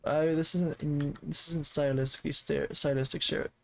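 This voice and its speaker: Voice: mid-range voice, flat delivery, normal speed, creaky, darkish tone, a little hiss or hum, rough recording. A streamer casually chatting and rambling while building in a game, often counting blocks aloud.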